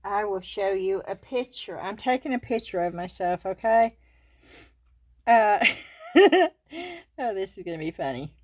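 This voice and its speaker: A woman's voice: mid-range voice, brisk, few pauses, darkish tone, no echo. An older woman with a Southern US accent, hosting a casual craft unboxing and chatting to her viewers with frequent giggles. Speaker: craft channel host.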